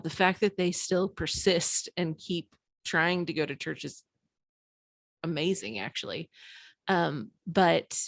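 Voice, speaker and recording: A woman's voice: on the low side, no room sound, studio quality. A woman in her thirties, speaking as an author and podcast guest, who talks frankly and with self-deprecating humor, often laughing between phrases. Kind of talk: candid conversational interview.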